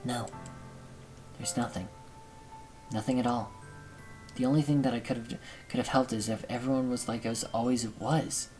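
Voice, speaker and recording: A man reading aloud the lines of a sad, shy teenage girl from a visual novel game, in a quiet, subdued way. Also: mid-range voice, steady tone, normal speed, pauses often, soft background music, lightly acted, low-quality recording. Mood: hurt, subdued.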